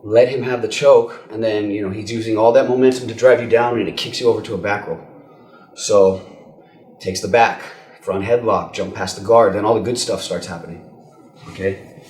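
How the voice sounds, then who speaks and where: A man's voice: on the low side, steady tone, normal speed, darkish tone, roomy sound. A man teaching jiu-jitsu escapes in a casual demo, often checking in with "okay?" and sometimes strained for breath while caught in a choke. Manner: casual, repeats words and says "okay?" often. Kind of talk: instructional technique demo. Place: training gym, indoors.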